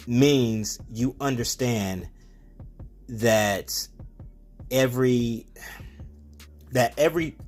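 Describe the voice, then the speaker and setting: A man giving a casual, rambling storytelling monologue as a self-help vlogger, with plenty of fillers and restarts. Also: fairly low pitch.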